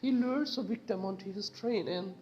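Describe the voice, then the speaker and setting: A woman's voice: mid-range voice, moderate pace, dark tone, dull audio, pitched below the performer's own voice, natural voice. A woman reading a story game aloud, voicing a guilty young traitor who earnestly explains herself.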